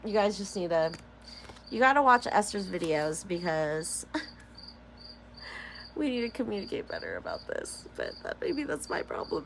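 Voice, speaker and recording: A woman's voice: medium pitch, big pitch swings, normal speed, creaky, long pauses, fairly bright tone, slight background noise. A woman from Sacramento with a Californian accent, chatting casually as a tarot reader, rambling, giggling often and saying "like" constantly. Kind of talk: casual tarot-reading vlog chat.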